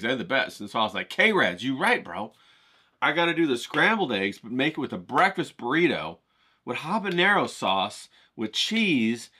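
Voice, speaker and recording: A man's voice: mid-range voice, bright, forceful tone. A middle-aged man vlogging outdoors in a hyped, rambling way, swearing casually and talking straight to his viewers. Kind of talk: casual chatty vlog talk. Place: outdoors, cold day.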